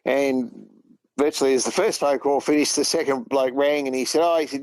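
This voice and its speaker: A man's voice: mid-range voice, steady tone, brisk, a little mellow, dry recording, poor audio. A man with an Australian accent, a truck driver and regular guest, telling long rambling anecdotes in casual chat and retelling what others said. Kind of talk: casual phone-in storytelling.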